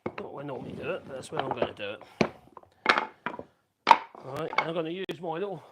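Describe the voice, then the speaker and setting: A man's voice: on the high side, lively intonation, quick pace, heavy background noise. A man hosting a woodworking livestream, chatting casually and thinking aloud while he works. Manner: chatty, thinks aloud and hums tunelessly to himself. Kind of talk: casual live-stream chat while working.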